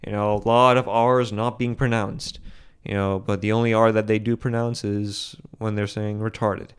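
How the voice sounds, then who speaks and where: Young guy from boston doing his own podcast, kinda low, super smooth voice, rambles and restarts a lot. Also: little pitch movement, normal speed. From Boston, USA. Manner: rambling, with frequent restarts and self-corrections. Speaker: podcast host. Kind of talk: solo podcast commentary.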